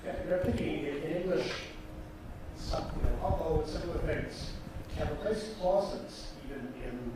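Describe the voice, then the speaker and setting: A man's voice: a little high, expressive, normal speed, very noisy. A man in the audience making a discursive comment, filled with "you know" and "right?". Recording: far from the mic in an echoey hall.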